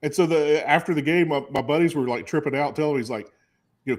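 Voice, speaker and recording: A man's voice: a little high, rapid-fire. A man in his forties co-hosting a casual sports talk show, telling a rambling story full of restarts and fillers. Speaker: co-host. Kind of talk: casual chat.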